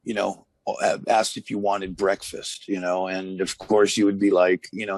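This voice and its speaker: A man guesting on an interview, telling old stories in a relaxed, rambling way full of fillers. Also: fairly low pitch, moderate pace. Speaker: former wrestler, interview guest. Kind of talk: casual storytelling interview.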